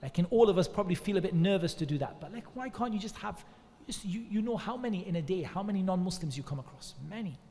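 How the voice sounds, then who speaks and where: Man, fairly high voice, earnest informal preaching, long echoing hall reverb. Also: lively intonation, quick pace, dark tone, slight background noise. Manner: earnest, conversational, repeats devotional phrases. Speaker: preacher giving religious advice. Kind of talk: informal religious advice talk.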